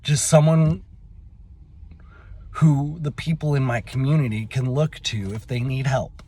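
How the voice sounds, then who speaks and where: A young adult man telling a personal story in a halting, emotional way, with many fillers and restarts. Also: mid-range voice, dark tone, breathy edge. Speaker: vlogger.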